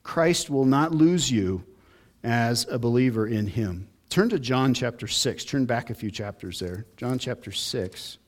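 A man's voice: medium pitch, animated, unhurried. A man preaching a sermon as pastor, earnest and building emphasis on key points.

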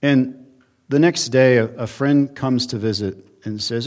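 A male pastor preaching a sermon in a church, earnest, with emphatic rises and quiet drops. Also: medium pitch, unhurried. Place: church sanctuary.

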